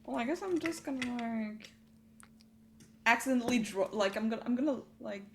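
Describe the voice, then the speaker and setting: A woman's voice: fairly high pitch, expressive, normal speed, a little hiss or hum. Chatty laughing woman player. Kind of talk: casual tabletop play.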